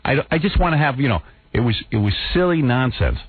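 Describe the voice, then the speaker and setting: A radio host tells a long story, and his pitch leaps up and down as he acts out each line. His voice is a little husky. The sound is dry and narrow, like it comes over a phone line. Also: quick pace, dry recording. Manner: animated storyteller acting out quotes.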